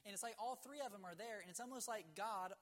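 A middle-aged man preaching a folksy, earnest sermon in numbered points, full of rhetorical questions, and dropping low and slow on key words. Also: a bit bright. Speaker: pastor.

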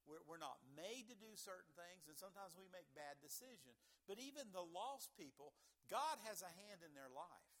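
A man preaching a sermon, folksy and joking, moving between calm teaching and loud bursts of excitement. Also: high-pitched, moderate pace, few pauses. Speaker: pastor.

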